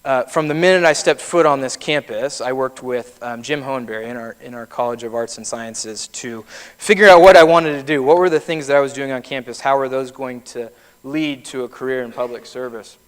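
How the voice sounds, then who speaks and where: A man in his thirties gives a keynote speech, sharing personal stories conversationally. His mid-range voice is clear and resonant, and he speaks a little fast. A large hall's long reverb surrounds him.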